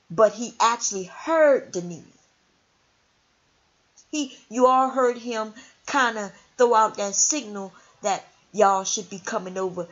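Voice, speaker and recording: A woman hosting her own channel, talking casually and taunting her critics in a sassy, confrontational way. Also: mid-range voice. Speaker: channel host. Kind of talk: casual ranting livestream talk. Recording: dull lo-fi sound.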